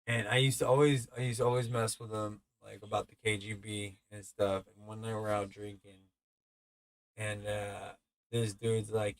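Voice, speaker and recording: A man's voice: on the low side, flat delivery, moderate pace, dry recording. A man in his thirties hosting a podcast alone, telling stories in a rambling, profane way with many stammers and restarts. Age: 30s. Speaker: podcast host. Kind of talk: casual storytelling.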